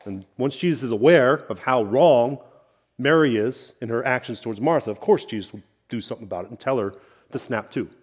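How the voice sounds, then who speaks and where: A middle-aged senior pastor preaches conversationally, often checking in with "right?" and building up to emphatic points. His male voice is mid-range, husky and fairly quick.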